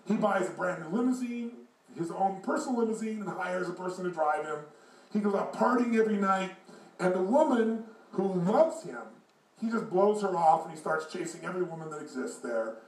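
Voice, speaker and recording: A man giving a motivational talk, telling a story in an animated way and voicing the characters in it. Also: high-pitched, a little fast. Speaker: motivational speaker. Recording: echoey room, far from mic.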